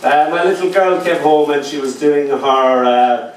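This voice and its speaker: A man's voice: fairly high pitch, unhurried. A man giving a live poetry reading, mixing rhythmic recited verse with dry, wry asides. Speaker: poet. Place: live reading venue indoors. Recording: echoey room, distant mic, faint noise.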